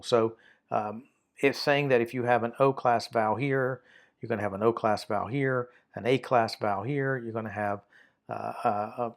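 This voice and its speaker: A man with a somewhat low voice walks through a Greek grammar lesson in an unscripted way. He hesitates often with fillers and restarts, and now and then he reads a textbook passage aloud.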